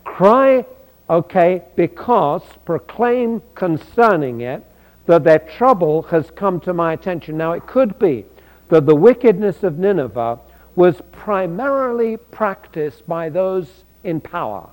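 A man preaching a sermon on a Bible passage, emphatic and animated, acting out quoted speech. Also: sits high, unhurried. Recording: long hall reverb.

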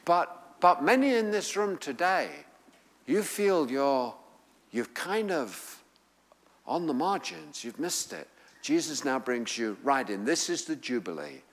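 Slow, emphatic preacher in a reverberant hall. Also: male voice, a little high, big pitch swings. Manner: emphatic, rising to fervent appeals to the congregation. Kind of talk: sermon.

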